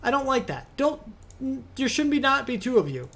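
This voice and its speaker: A man's voice: very high-pitched, big pitch swings, moderate pace, a bit bright. A man hosting a modded game let's play, talking casually through his gameplay with rambling asides and easy exasperation.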